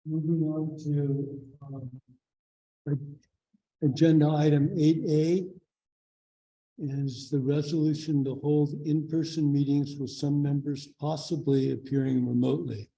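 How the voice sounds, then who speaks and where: Measured man chairing a meeting. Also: a little high, level tone, vocal fry, warm tone, low-quality recording. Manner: procedural, measured. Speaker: commission president. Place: government meeting room.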